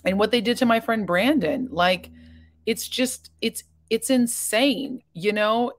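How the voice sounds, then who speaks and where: A woman hosts a casual livestream reacting to videos, rambling chattily and speaking openly and emotionally as she reads viewer comments. Her voice is on the high side and animated, and she jumps quickly between topics.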